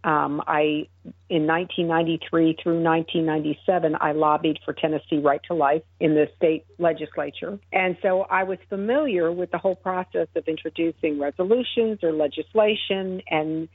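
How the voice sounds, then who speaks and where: A woman's voice: deep voice, fairly even intonation, moderate pace, slightly rough, no echo. A middle-aged woman, a guest on a radio show, earnestly telling a personal faith story with frequent fillers and restarts over the phone. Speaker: guest, founder of an advocacy group. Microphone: telephone. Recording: tinny, dry phone line.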